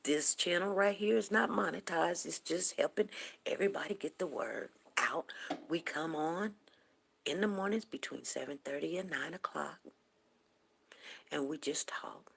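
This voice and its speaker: Gravelly-voiced chatty woman in her fifties. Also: low voice, lively intonation, unhurried, a bit bright, slight background noise. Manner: rambling, chatty storytelling. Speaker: morning talk show host. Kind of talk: casual chat on a livestream.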